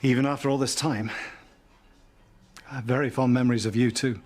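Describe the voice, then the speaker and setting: An actor playing a polished, courteous middle-aged lawyer in a TV soap drama. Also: male voice, mid-range voice, steady tone, fairly quick, lightly acted. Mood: fond.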